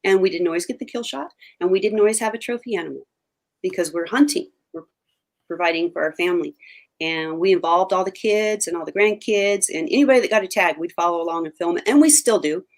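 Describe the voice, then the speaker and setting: Older woman, TV hunting co-host, low-ish pitch, emphatic and chatty. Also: quick pace. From Oregon. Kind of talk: casual interview talk.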